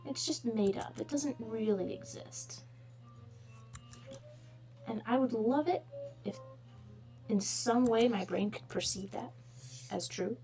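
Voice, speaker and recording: A woman's voice: fairly high pitch, slow, pauses often, warm tone, faint music behind. A woman hosting a drawing livestream, chatting casually and rambling, sometimes dropping into whispers. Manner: rambling, self-mocking, trails into whispers. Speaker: livestream host drawing requests.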